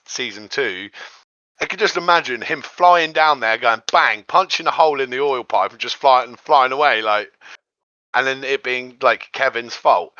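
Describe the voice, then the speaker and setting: A man's voice: mid-range voice, bright, forceful tone, no echo, lo-fi sound. A man hosting a podcast, chatting casually and rambling, acting out quotes in a raised voice. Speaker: podcast host. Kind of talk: casual chat.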